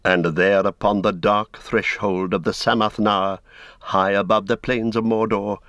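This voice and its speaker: Slow, grave male storyteller. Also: fairly low pitch, little pitch movement, fairly bright tone, no echo, clean studio sound. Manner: slow, grave, deliberate storytelling with dramatic swells. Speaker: audiobook narrator. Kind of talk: scripted dramatic narration.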